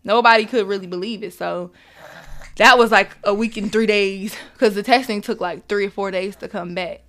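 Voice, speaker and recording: A woman's voice: mid-range voice, fairly even intonation, moderate pace, fairly bright tone. A young woman, a mother, telling an emotional personal story as an interview guest, acting out quoted dialogue and laughing often.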